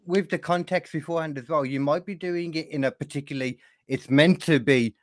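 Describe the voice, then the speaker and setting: A man co-hosting a podcast, talking in a relaxed and rambling way with plenty of fillers. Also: on the high side, fairly quick. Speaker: podcast co-host. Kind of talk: casual chat.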